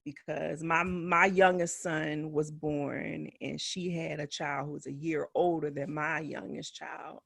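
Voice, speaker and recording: A low, gravelly voice, a little slow but with few pauses and no echo, belongs to a physician in her forties from West Philadelphia. Co-hosting a casual podcast chat, she tells animated stories. She laughs often and acts out quotes.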